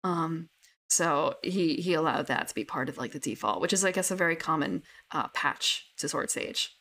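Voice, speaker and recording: Talking about her tabletop characters in a casual, rambling way, this young gamer uses many fillers and restarts. She has a deep, slightly bright voice and speaks at normal speed.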